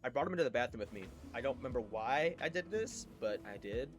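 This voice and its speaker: Fast-talking, rambling young man. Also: medium pitch, soft background music. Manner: rambling, excitable, many fillers and restarts. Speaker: storyteller. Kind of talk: casual storytime.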